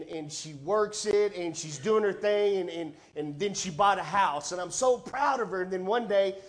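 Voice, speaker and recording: A middle-aged pastor preaches a sermon, telling stories conversationally and repeating words. He swings between quiet, low lines and loud, high ones.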